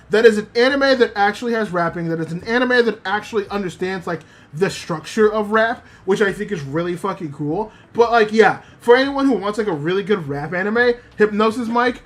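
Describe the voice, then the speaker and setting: A woman streamer rambling about anime in a loose, profane way. Her pitch leaps up and down constantly as she gets worked up, at a middling height overall. She reads out chat comments between her points. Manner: animated, profane, rambling with many fillers; reads chat messages aloud. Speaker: VTuber streamer.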